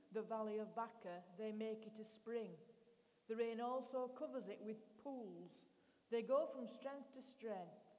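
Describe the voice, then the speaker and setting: Lady reading scripture slow and careful, mellow, a bit high, big hall echo. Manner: measured, deliberate reading. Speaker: scripture reader. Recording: reverberant church hall.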